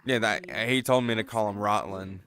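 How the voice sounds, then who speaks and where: A man's voice: lowish voice, steady tone, normal speed, crowd noise. A man speaking in character in a role-play game, playful, chatty and teasing. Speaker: player character.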